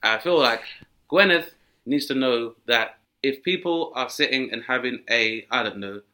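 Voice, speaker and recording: A man, a comedian guest, riffing with animated storytelling and jumping into high-pitched voices for the characters he describes. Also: normal speed.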